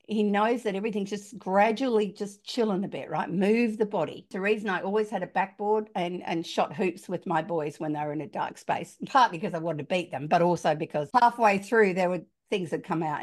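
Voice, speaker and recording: A middle-aged woman with an Australian accent, speaking as a parenting author on a podcast and telling animated stories with voiced dialogue. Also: mid-range voice. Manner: animated storyteller, acts out quoted dialogue. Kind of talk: conversational podcast storytelling.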